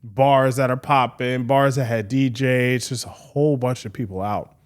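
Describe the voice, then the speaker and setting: Man telling a rambling story, mid-pitched. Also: fairly even intonation, moderate pace, clear, resonant tone. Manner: rambling, full of "like" and "you know". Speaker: guest DJ. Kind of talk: casual interview storytelling.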